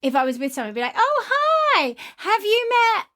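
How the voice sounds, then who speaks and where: A woman co-hosting a podcast, chatting casually in a bubbly, giggly way and telling quick anecdotes. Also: very high voice, wildly swooping pitch, bright, forceful tone. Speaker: podcast co-host. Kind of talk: casual chat.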